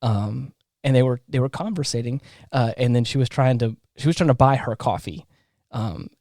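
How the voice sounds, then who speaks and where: A man's voice: mid-range voice, normal speed, mellow, dry recording, studio quality. A man co-hosting a podcast, telling a story in casual chat, rambling with lots of fillers and restarts. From Southern United States. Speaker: podcast co-host.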